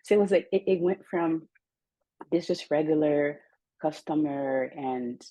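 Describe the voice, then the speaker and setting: A young Haitian woman with a Haitian accent, interviewing and telling stories in a lively way, often laughing. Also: deep voice, measured pace, no room sound, low-quality recording. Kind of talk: conversational interview.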